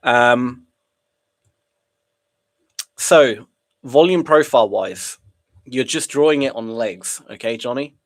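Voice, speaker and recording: Speaking in an unhurried, medium-pitched voice, a young man narrates his day trading live while nursing a sniffly cold. He keeps it casual and chatty, reading out viewers' messages and responding to them.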